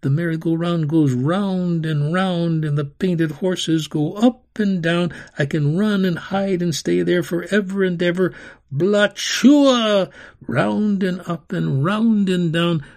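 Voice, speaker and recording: A man voicing a frightened little girl who cries out in high, panicked bursts. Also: a little slow, few pauses, a little mellow. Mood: dreamy, hiding.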